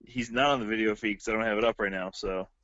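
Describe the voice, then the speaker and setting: A man's voice: on the low side, fairly even intonation, quick pace, a bit bright, no room sound. Sarcastic man calling in by phone. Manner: wry, sarcastic, profane. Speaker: caller on the show. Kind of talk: casual crude banter. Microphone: phone line. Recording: muffled phone-line audio.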